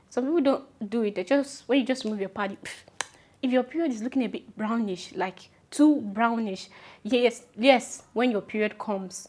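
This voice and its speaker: A young woman with a Nigerian accent talks straight to her viewers in a chatty vlog. She repeats her instructions with firm emphasis, and her voice sits at a middle pitch. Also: darkish tone. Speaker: vlogger. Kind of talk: casual advice talk to camera.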